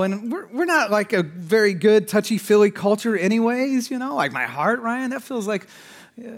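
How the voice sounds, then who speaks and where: Male pastor, higher voice, sermon delivery with big swings from urgent to hushed. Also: very animated, normal speed. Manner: swings between urgent raised passages and hushed, quiet asides; conversational, with fillers and restarts.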